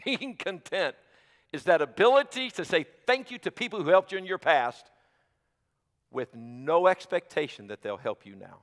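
A man preaching a sermon as pastor, moving between quiet, intimate passages and loud, emphatic ones. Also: sits high, lively intonation, normal speed, long reverb tail. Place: church sanctuary.

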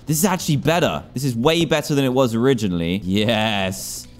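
Excitable man narrating a game. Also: medium pitch, fairly quick, soft background music. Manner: excitable, jumpy, talks to himself and viewers. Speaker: gaming YouTuber. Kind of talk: Let's Play commentary.

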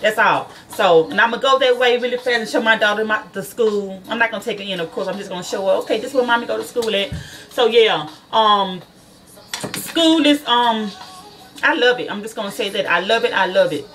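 A woman's voice: medium pitch, brisk, a bit bright, distant mic, soft background music. A woman who is a nail school student chats casually to her viewers from her car, swearing freely and calling them y'all.

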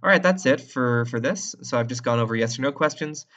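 A man's voice: medium pitch, lively intonation, fairly quick, fairly bright tone, highs cut off. A male instructor explaining a drawing step by step in an informal, thinking-aloud way. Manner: casual and thinking aloud, with many restarts. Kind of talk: screen-recorded tutorial.

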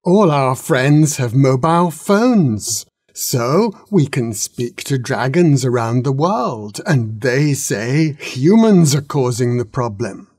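A man voicing a gentle, fretful green dragon patiently explaining in a storybook reading. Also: medium pitch, expressive, takes it slowly, husky, no room sound, clean studio sound. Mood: worried.

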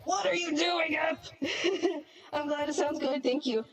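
A woman's voice: high-pitched, takes it slowly, a crowd in the background. A woman live-streaming a game and chatting casually with viewers, giggly and bubbly, flustered and self-deprecating, with a robot voice filter on. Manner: giggly and bubbly, laughs often.

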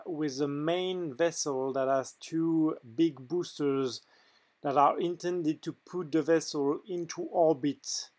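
A man with a French accent, French his first language, narrating a software demo in a hesitant way with frequent filler pauses. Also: a little high. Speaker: game mod developer.

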